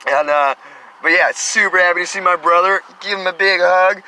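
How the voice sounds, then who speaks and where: Bright-voiced man rambling outdoors. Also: sits high, fairly even intonation, moderate pace, slight background noise, poor audio. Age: 30s. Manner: enthusiastic, meandering, spiritual self-talk. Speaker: spiritual vlogger. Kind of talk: rambling casual monologue.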